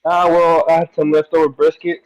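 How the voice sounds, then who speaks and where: A man's voice: a little high, monotone, brisk, lo-fi sound. A man joining a podcast as a caller, chatting easily. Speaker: guest caller. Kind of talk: casual chat.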